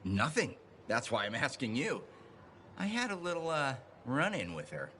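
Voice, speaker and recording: A man's voice: mid-range voice, huge pitch swings, moderate pace, pushed and bright, slight background noise. An actor playing an eager, talkative young man in video game dialogue.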